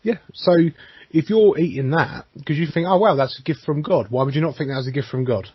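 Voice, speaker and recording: Husky, laughing bloke. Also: male voice, a little high, fairly quick, no echo. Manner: laughs often, swears, acts out quoted voices. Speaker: podcast co-host. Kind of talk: casual chat. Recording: dry, muffled lo-fi sound.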